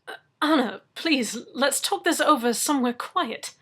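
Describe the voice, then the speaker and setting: A woman's voice: high voice, expressive, measured pace, fairly bright tone, voice pushed up. A woman reading aloud, voicing a polite, flustered man pleading to talk things over. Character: anxious, polite male gentleman pleading. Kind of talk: audiobook reading.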